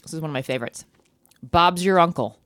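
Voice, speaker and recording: A woman's voice: low voice, fast talker, a bit bright, dry recording. A woman co-hosting a casual chat, playful and laughing often as she quizzes her partner. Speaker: podcast co-host.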